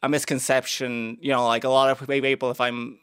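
In this radio interview, a young Irish comedian from Cavan talks fairly quickly in a medium-pitched, smooth, fairly bright voice with little pitch movement. He stammers on repeated sounds and keeps his humour dry and self-mocking, and the recording has no room sound.

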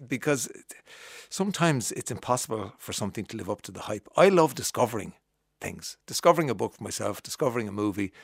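A man's voice: mid-range voice, vocal fry, dry recording, clean studio sound. A middle-aged Irish man hosting a radio show, musing in a chatty, wry monologue with frequent hesitations and amused asides. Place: radio studio. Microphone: studio microphone.

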